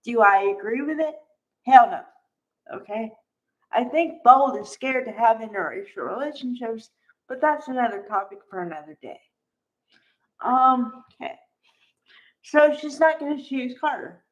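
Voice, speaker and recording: A woman's voice: a little high, lively intonation, a little slow, long pauses. Chatty woman recapping soaps, lo-fi. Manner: chatty, exclamatory, acts out quotes. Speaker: soap opera recap vlogger. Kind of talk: casual soap recap.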